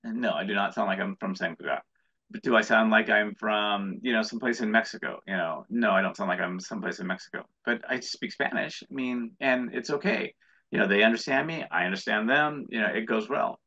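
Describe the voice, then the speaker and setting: Gravelly, bright-toned American man. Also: lowish voice, brisk. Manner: rambling, earnest, with many restarts. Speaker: guest, entrepreneur. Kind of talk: casual interview talk. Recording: dull lo-fi audio.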